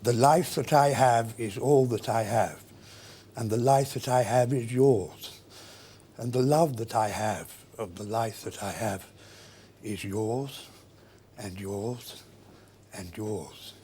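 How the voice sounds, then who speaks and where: A man reciting a poem slowly and solemnly, sometimes dropping to a whisper. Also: medium pitch, warm tone, a little hiss or hum. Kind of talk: slow dramatic poem recitation.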